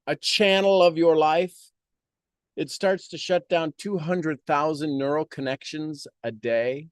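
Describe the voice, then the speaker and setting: A man's voice: fairly high pitch, no echo, clean studio sound. A man giving a motivational monologue on a live stream, preaching with repeated rhetorical questions.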